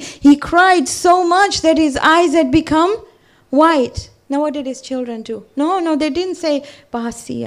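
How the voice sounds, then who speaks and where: A middle-aged woman giving a religious talk to a women's gathering, telling stories and asking the listeners direct questions. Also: sits high. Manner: animated, addresses the audience directly with questions; recites scripture rapidly in Arabic. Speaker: female religious speaker at a ladies' gathering. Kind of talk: religious lecture with storytelling.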